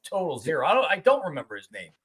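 A man's voice: a little high, huge pitch swings, racing, fairly bright tone, husky. A middle-aged man hosting a casual sports talk show, rambling, complaining and swearing casually.

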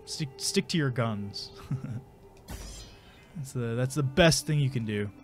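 A man's voice: mid-range voice, lively intonation, slow pace, faint music behind. A man with a congested voice giving casual, rambling, self-mocking commentary while playing a video game. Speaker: gameplay commentator. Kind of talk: casual let's play commentary.

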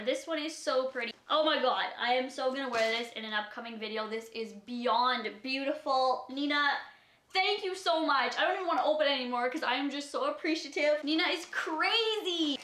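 Gushing high-voiced young woman vlogger. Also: slight background noise. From Canada. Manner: gushing, excitable, frequent gasps. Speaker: YouTuber opening a gift. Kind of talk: unboxing vlog. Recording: echoey room.

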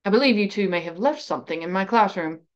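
A woman voicing a cold, imperious male wizard professor who makes slow, quiet, deliberate threats. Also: medium pitch, lively intonation, close to an everyday voice. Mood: coldly menacing. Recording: slightly dull lo-fi recording.

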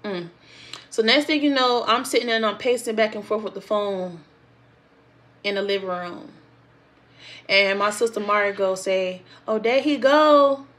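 A young woman with speech tells her own storytime straight to her viewers. Her delivery is animated and conversational, and she jumps into the voices of the people in her story. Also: mid-range voice, normal speed, long pauses. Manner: animated, acts out quotes of others in the story. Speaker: storytime vlogger. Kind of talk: casual storytime.

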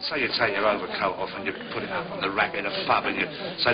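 A man's voice: fairly low pitch, racing. A man with a Cockney accent chatting in a pub, explaining slang with a laugh. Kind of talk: casual chat. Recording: dull distant film sound with pub crowd.

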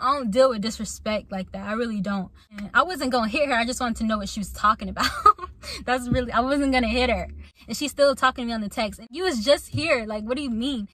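A woman's voice: fairly high pitch, dry recording. A young woman casually telling a personal story to her viewers, acting out the people she quotes and laughing along. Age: young adult. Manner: animated, acts out quotes, laughs often.

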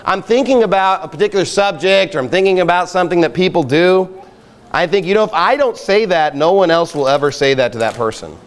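A man's voice: high-pitched, animated, a little fast. A male pastor preaching a fiery sermon at a church camping trip, emphatic and exhorting. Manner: emphatic, rising to loud exhortation. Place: outdoor campsite gathering.

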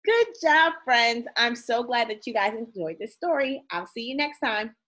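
A woman's voice: on the high side, animated, moderate pace, fairly bright tone. A woman teacher reading a picture book aloud to young children, playful and sing-song, drawing out the sound words and asking them questions.

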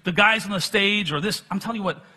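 A man's voice: high-pitched, fast talker, sharp tone. A middle-aged man preaching a sermon, telling personal stories in a conversational way with self-deprecating humor.

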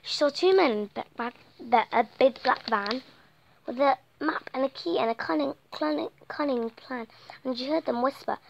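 Woman, fairly high voice, reading a picture book aloud, animated, dips into whispers, slight background noise. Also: normal speed, vocal fry, poor audio. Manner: animated, slips into soft whispers and tripping restarts. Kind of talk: reading a children's story aloud, partly whispered.

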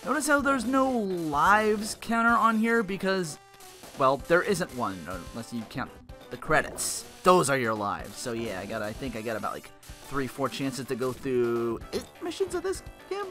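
A man's voice: fairly high pitch, sing-song, normal speed, bright, forceful tone. Profane rambling man narrating gameplay. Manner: rambling, profane, joking asides. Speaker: let's play host. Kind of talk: casual gameplay commentary. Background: game music.

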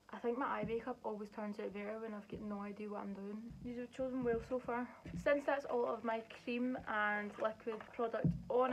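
A woman's voice: medium pitch, a little hiss or hum, rough recording. A young woman, chatting through a makeup tutorial step by step as a beauty vlogger. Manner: chatty, explains each step as she works.

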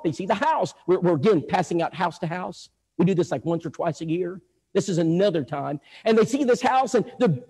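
A male preacher telling stories in a sermon, animated, moving between loud and hushed. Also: sits high, husky. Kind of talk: storytelling sermon. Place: church hall. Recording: echoey hall.

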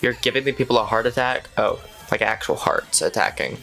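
A man's voice: medium pitch, brisk, sharp tone, faint music behind, poor audio. A man hosting a reaction video, chatting casually and exclaiming at what he watches.

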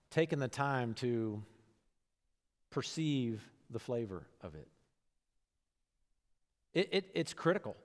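A man preaching a sermon as pastor, talking conversationally and swinging between hushed, low moments and lively, animated bursts. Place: church sanctuary. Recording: long hall reverb.

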